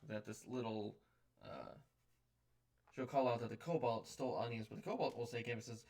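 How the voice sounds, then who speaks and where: A man's voice: mid-range voice, a little fast, darkish tone, recorded from a distance. A man narrating as game master for a tabletop game, hesitant and full of fillers.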